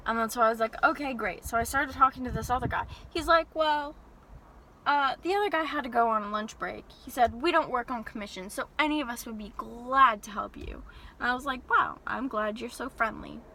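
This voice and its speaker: A young woman with a high, bright voice tells an exasperated story-time rant in lively bursts. She is sitting in a parked car, and a faint hum of the car and road runs under her voice. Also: fairly quick, poor audio. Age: young adult. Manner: animated storytelling with exasperated asides. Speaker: vlogger.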